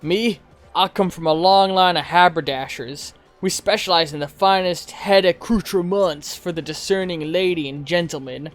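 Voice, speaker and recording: A man's voice: sits high, normal speed, soft background music, close to an everyday voice. A man reading as a proud old-fashioned hatmaker. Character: proud middle-aged haberdasher man, genteel.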